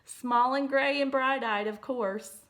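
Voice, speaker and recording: A woman reads a picture book aloud to young children, pausing to chat about the pictures. Her voice sits a bit high, and she takes her time, with gentle amused asides. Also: steady tone. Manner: chatty, amused asides between read lines. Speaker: reader.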